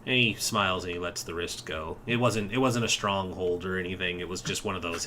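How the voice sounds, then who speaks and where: A man with a low, bright-toned voice running a tabletop game as game master. He talks in a loose, joking way and swears freely. A faint hum sits under the recording. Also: steady tone, a little fast.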